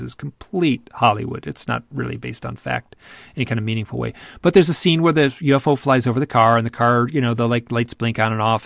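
A man, an author and podcast guest, telling a story in a loose, animated way with many restarts. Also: medium pitch, creaky, no room sound, clean studio sound. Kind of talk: conversational storytelling.

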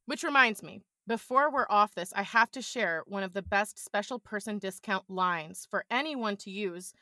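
Bright, chatty woman telling stories. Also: medium pitch, moderate pace, dry recording, studio quality. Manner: chatty, playful storyteller. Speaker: podcast guest. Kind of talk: casual chat.

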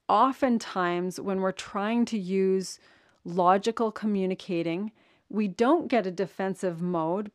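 A woman coaching leaders on communication in an earnest, steady instructional monologue, repeating and stressing key words. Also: medium pitch.

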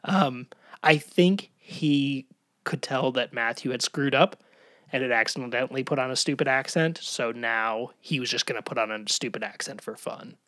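A man's voice: medium pitch, normal speed, a bit bright, no room sound. Wry man recapping a sitcom. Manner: analytical, wry, hedging. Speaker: podcast co-host. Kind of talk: casual episode recap chat.

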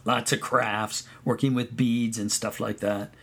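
Man, memoir storyteller, relaxed narration, first-person recollection. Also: mid-range voice, measured pace, breathy edge. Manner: relaxed storytelling, sings song snippets.

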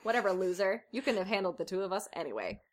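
A woman's voice: medium pitch, lively intonation, quick pace, lightly acted. A woman reading as a crude, mocking bad girl. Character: crude rude female helper being. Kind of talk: reading fan fiction aloud.

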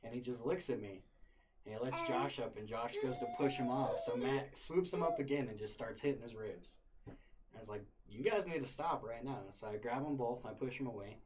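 A man's voice: mid-range voice, moderate pace, slight background noise. A young man casually retelling a wild story, full of swearing and laughter. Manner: profane, animated, laughing retelling.

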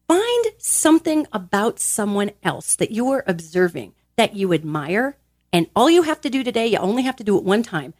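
A woman's voice: dry recording, clean studio sound. A woman giving an emphatic, upbeat motivational talk on a podcast. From grew up in a large Italian family. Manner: animated, emphatic, acts out little quoted voices; expressive, swinging pitch.

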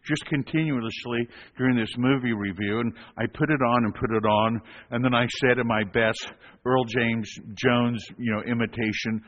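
A man delivers a storytelling sermon, animated and acting out the voices of the people in it. His voice echoes through a long, reverberant hall on a dull, lo-fi recording. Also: mid-range voice, normal speed. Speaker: hospital chaplain telling a story.

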